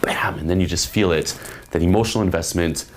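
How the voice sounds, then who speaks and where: A man coaching on dating, explaining concepts emphatically and acting out women's replies in higher voices. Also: brisk. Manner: emphatic, repeats "okay?". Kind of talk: instructional monologue.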